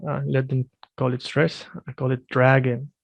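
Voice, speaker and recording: A man with a gravelly voice teaches a one-on-one language lesson, correcting his student firmly. He drills each word slowly and repeats it. The sound is dry and close, as on a video call. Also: mid-range voice, completely flat delivery, no echo, dull audio. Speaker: Swedish teacher.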